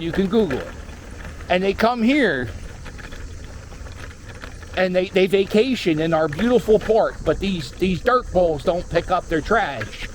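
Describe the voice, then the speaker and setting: A man's voice: high voice, lively intonation, unhurried, long pauses, slight background noise. A man riding a scooter through a park, rambling through wry commentary and stories. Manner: rambling, wry, storytelling asides. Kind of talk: casual running commentary. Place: outdoors in a park, on a moving scooter.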